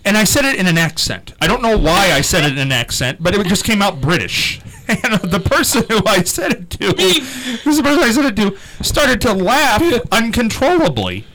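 Man, middle-aged, show host, casual banter, teasing, animated pitch, bright tone. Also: slight background noise, low-quality recording. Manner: teasing, chatty, laughs often.

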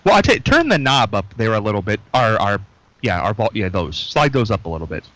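A man's voice: fairly low pitch, big pitch swings, fairly bright tone, no room sound, poor audio. A man hosting a casual local radio show from a small studio, joking loosely with his co-host and callers. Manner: loose, chatty, joking, reads phone numbers slowly.

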